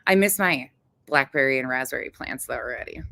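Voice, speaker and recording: A woman's voice: extremely low pitch, expressive, brisk, vocal fry, bright, forceful tone, no room sound. A woman hosting a casual cooking livestream, chatting with viewers in a blunt, chatty way, swearing freely and laughing often. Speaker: livestream host.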